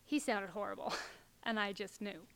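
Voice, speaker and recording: A middle-aged woman telling a personal story to an audience, halting and filler-heavy, sometimes dropping to a near whisper. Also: mid-range voice, gravelly, fairly bright tone, clear, resonant tone.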